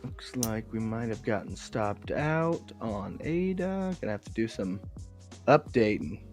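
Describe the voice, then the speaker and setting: A man's voice: fairly low pitch, big pitch swings, measured pace, a little mellow, soft background music. Man bantering teasingly as co-host. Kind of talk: casual chat.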